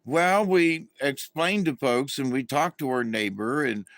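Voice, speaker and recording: Slow, rambling middle-aged man. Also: medium pitch, a bit bright, no echo. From Florida, USA. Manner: meandering, with many fillers and restarts. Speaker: channel host. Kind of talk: casual rambling monologue.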